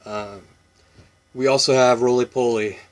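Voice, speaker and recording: Speaking unhurriedly at medium pitch, a Washington State man in his thirties answers an accent tag in his native accent. He's laid-back and rambling, with frequent ums and little chuckles.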